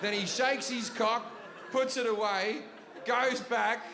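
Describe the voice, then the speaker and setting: A bright, high-voiced man telling a rambling, profanity-laced stand-up story in a big live venue. His sound rings with long hall reverb, and a crowd murmurs faintly behind him. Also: fairly even intonation, takes it slowly, a little hiss or hum. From Australia. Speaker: stand-up comedian. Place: large comedy venue with audience.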